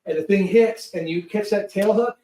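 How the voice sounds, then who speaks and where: A man guest telling a story in a casual, animated way, acting out quotes and swearing freely. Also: sits high, normal speed. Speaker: guest, film producer. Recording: roomy sound from a distant mic.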